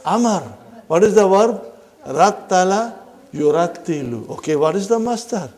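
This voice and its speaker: A man's voice: high voice, expressive, normal speed, darkish tone. A man teaching an Arabic grammar lesson to a class, who keeps asking questions and checking in with "huh?".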